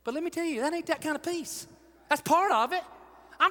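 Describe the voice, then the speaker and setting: A pastor preaching a sermon, animated, swinging between shouted lines and hushed ones. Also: male voice, very high voice, fast. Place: large church hall. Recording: long hall reverb.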